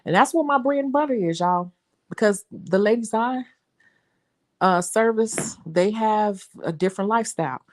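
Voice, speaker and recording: A young adult woman with a Chicago accent, a nail technician chatting to her viewers in an animated, talkative way. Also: medium pitch, moderate pace. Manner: chatty, animated storytelling, says y'all. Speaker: nail technician and channel host. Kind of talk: casual chat to viewers.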